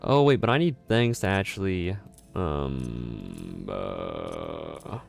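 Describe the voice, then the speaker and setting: A man's voice: very deep voice, animated, slow, creaky, soft background music. A man streaming a game, chatting casually and reacting to his chat. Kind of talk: casual live-stream commentary.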